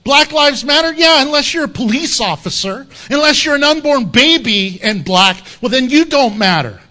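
A man's voice: very high-pitched, expressive, normal speed, pushed and bright. A man preaching an expository sermon in an impassioned, emphatic, conversational way.

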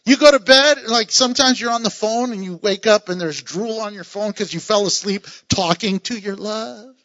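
A man's voice: high-pitched, normal speed, a bit bright, lo-fi sound. A man preaching a sermon as pastor, playful, with joking asides and chuckles.

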